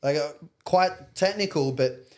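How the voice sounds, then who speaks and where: Australian man, young, slightly high voice, salty slang, relaxed chat. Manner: swearing, storytelling, quick slang. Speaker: guest. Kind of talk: casual chat.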